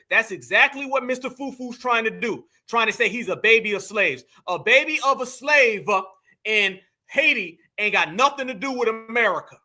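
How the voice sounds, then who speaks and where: A man's voice: very high-pitched, bright, forceful tone. A man hosting heated reaction commentary, mocking and emphatic, talking straight to his viewers. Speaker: commentary host.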